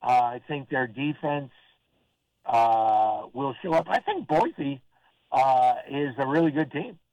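An older man from Oregon calling into a sports talk show, rambling in a halting, friendly way with lots of fillers and restarts. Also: mid-range voice, lively intonation, a little mellow, dry recording, lo-fi sound. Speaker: caller. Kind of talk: casual call-in chat.

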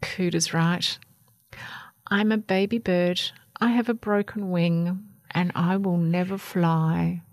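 Little bird chick with a bad wing, determined and touchy, voiced by a woman storyteller; lively up-and-down delivery. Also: mid-range voice, takes it slowly, no room sound, studio quality. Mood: upset. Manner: stubborn, earnest, snappy when upset.

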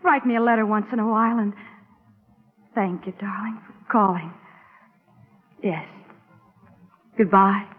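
An actress playing an anxious young wife waiting by the phone for her husband's call, talking in a pleading, halting way. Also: fairly high pitch, steady tone, lightly acted. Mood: tearful brave. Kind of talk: dramatic monologue acting. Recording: tinny lo-fi recording with faint music.

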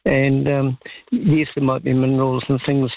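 A man calling in to a radio show, speaking in a polite, halting way with many fillers. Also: mid-range voice, little pitch movement, creaky, dry recording. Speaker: caller. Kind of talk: phone-in conversation. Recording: tinny phone line.

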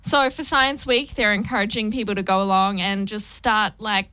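A woman's voice: medium pitch, steady tone, normal speed, bright, forceful tone, clear, resonant tone. A woman co-hosting radio, patiently explaining an item in casual chat. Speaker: radio co-host.

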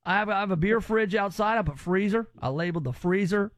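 High-voiced joking male radio host. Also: fast, no echo. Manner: joking, teasing, rambling. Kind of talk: casual radio banter.

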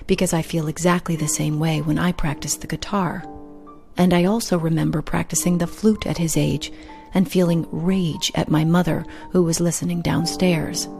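A woman hosting a show and reading her own personal story aloud with a wry, candid, gently humorous manner. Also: fairly low pitch, gravelly. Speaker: host and storyteller.

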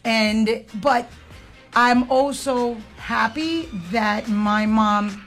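Casting: woman in her 30s from Puerto Rico, podcast co-host, earnest and open, animated when quoting her kids, faint music behind. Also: fairly high pitch. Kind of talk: candid conversational chat.

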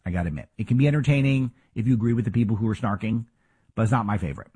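A man's voice: mid-range voice, rapid-fire, warm tone, slightly rough. A man hosting a talk show, giving emphatic, argumentative political commentary full of rhetorical questions.

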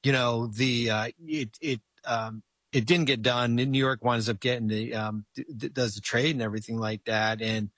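A man's voice: medium pitch, fairly even intonation, normal speed, fairly bright tone, dry recording. A middle-aged man telling a long story in casual chat as a guest, rambling with many restarts and fillers.

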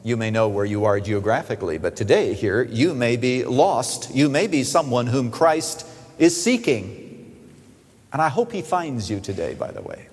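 A man preaching a sermon, rising loud on key phrases and dropping to a soft, quiet delivery. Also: mid-range voice. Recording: long hall reverb.

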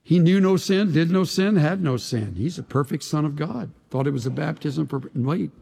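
A pastor preaching a sermon to his congregation, dramatic and emphatic, sometimes dropping to a hushed voice. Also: a little high, expressive, normal speed, vocal fry, husky. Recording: long reverb of a large hall.

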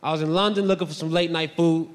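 On the stage of a large hall, a young adult man performs stand-up storytelling, fast and with a fairly high pitch. He's loud, animated, and self-mocking, doing voices for his characters, and the live recording carries long reverb.

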